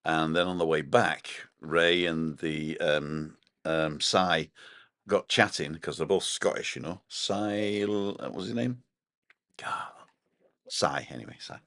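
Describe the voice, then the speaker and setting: A man's voice: a bass voice, slow, a bit bright, no room sound, studio quality. A man co-hosting a casual live stream from his balcony, rambling chattily and reading out viewer comments. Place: home balcony.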